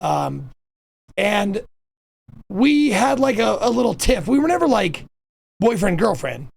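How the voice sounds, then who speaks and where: Gravelly, animated man telling stories. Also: sits high, measured pace. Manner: animated, laughing storyteller. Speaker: host interviewing his mother. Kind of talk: casual storytelling chat.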